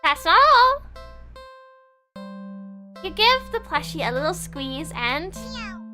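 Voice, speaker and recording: A young woman streamer reading a visual novel aloud, playful and expressive, with squeaky gasps, giggles and asides to her viewers. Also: takes it slowly, faint music behind. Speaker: streamer and voice actress.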